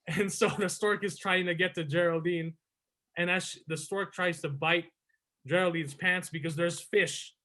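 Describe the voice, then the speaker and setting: Bright-voiced man recapping a show. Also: high-pitched, fairly even intonation, unhurried. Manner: retells scenes in a loose flow, with "before you know it" and "um". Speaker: podcast host. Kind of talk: casual movie review chat.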